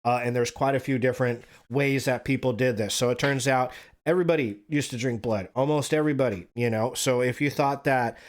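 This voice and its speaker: A man's voice: medium pitch, fairly even intonation, brisk. A man hosting a podcast who reads articles aloud, then drifts into rambling, profane asides and corrects himself as he goes. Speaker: podcast host. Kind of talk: reading articles aloud and riffing casually.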